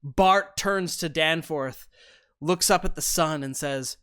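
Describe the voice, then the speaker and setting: A man narrating as game master of a tabletop role-playing game, describing the scene in a measured storytelling way. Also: on the high side, a bit bright, smooth, no room sound, studio quality.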